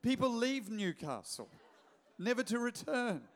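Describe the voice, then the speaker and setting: A middle-aged Australian man, a pastor preaching a sermon in a lively, joking storytelling manner with quick restarts. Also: very high-pitched.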